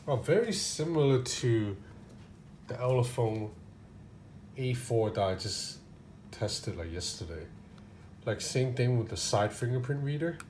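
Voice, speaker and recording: A man's voice: medium pitch, lively intonation, measured pace, pauses often, darkish tone, slight background noise. A man reviewing a gadget in a casual unboxing, talking loosely with many fillers and restarts.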